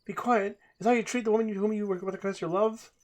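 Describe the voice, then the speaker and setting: Man playing feisty young woman, raised pitch, teasing and sharp. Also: fairly even intonation, very fast.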